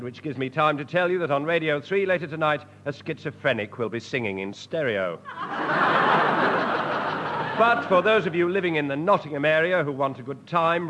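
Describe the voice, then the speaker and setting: A man's voice: on the high side, noisy background. A man performing radio sketch comedy in a dry, indignant way.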